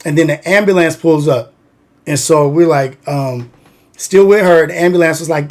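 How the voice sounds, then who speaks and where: Speaking at a moderate pace in a slightly high voice, a man hosting a livestream rambles through a story. He swears throughout and leans heavily on "like."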